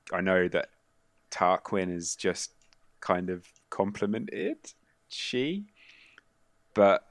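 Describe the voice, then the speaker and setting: Male game master, low voice, chatty, dry close recording. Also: no echo. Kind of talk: explaining the game, casual.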